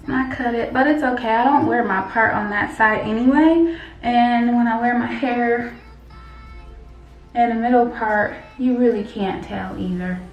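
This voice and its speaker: Woman beauty vlogger, chatty, unhurried, slightly high voice, echoey room recording. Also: far from the mic, muffled recording. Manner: chatty, addresses viewers as y'all. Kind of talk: casual hair tutorial vlog. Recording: echoey room with faint music.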